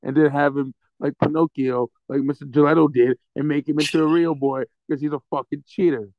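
Gravelly man ranting on a dull lo-fi mic. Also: on the high side, steady tone, fairly quick, no room sound. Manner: angry, profane ranting with comic threats. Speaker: podcast co-host. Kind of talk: casual sports podcast rant. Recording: dull lo-fi, dry sound.

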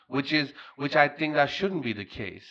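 A man hosting a podcast in casual chat, animated and slangy, rambling with restarts. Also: a little high, unhurried, muffled recording. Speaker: podcast host.

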